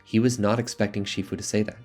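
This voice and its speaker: A man's voice: on the low side, flat delivery, fast, darkish tone, faint music behind. A man delivering a scripted video essay, retelling and judging film scenes with earnest enthusiasm. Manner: earnest, enthusiastic storytelling about films.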